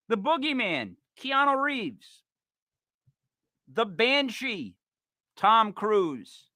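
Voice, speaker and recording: A man's voice: very high voice, sing-song, slow pace, pauses often, bright, forceful tone, no room sound, studio quality. A man co-hosting a podcast in playful comedic chat, joking through a list with punchy delivery. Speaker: podcast co-host.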